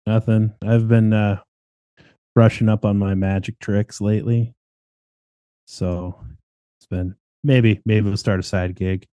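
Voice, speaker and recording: A man's voice: lowish voice, level tone, takes it slowly, pauses often, warm tone, clear, resonant tone, dry recording, lo-fi sound. Laid-back man with a dry close sound. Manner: laid-back, with fillers and light laughs. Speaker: podcast co-host. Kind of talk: casual podcast intro and chat.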